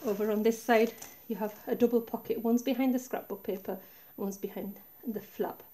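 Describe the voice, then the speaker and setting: A craft tutorial maker with a fairly high-pitched voice talks at a moderate pace, casually showing off a handmade project she's made. She's chatty and relaxed, pointing things out step by step, filmed by a tablet camera mounted high above her desk.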